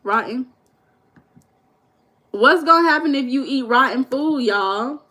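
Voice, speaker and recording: A woman's voice: sits high, expressive, slow pace, pauses often, bright, forceful tone. Playful woman teasing her chat. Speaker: life coach and livestream host. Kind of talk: casual livestream talk to chat viewers.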